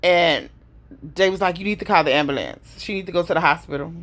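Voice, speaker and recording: A middle-aged woman speaks to the camera about a painful stretch of her life. Her voice sits a little low, and she tells it in a heavy, personal way, pausing and sighing as she goes. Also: a bit bright. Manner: heavy, emotional retelling with pauses and sighs. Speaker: vlogger telling her story.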